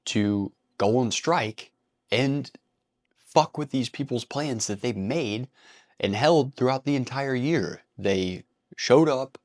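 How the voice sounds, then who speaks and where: A man's voice: medium pitch, animated, takes it slowly, a little mellow. A man hosting a casual vlog commentary, talking bluntly with frequent swearing and breaking into laughter. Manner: blunt and profane, laughs easily. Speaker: commentary channel host.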